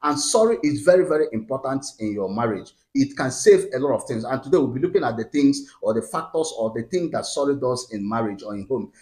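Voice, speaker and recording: A man's voice: mid-range voice, lively intonation, brisk, hardly any pauses, darkish tone. A man hosting his own channel, giving preachy marriage advice with repeated phrases and rhetorical questions. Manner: Christian framing of marriage. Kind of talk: preachy advice talk to camera.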